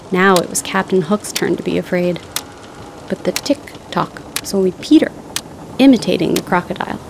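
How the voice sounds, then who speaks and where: A woman narrating a children's storybook in a clear, steady storytelling voice. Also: medium pitch, background noise.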